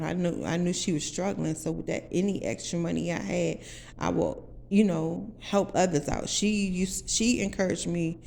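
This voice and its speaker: A woman's voice: deep voice, vocal fry, mellow, a little hiss or hum. A woman in her forties from the Washington DC area, telling her story to viewers in a blunt, profane, emphatic way. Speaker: vlogger.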